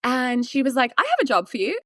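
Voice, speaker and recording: A woman in her thirties, a podcast guest telling her story in a casual, animated way, laughing often and acting out what she once said. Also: sits high, quick pace, no room sound, clean studio sound.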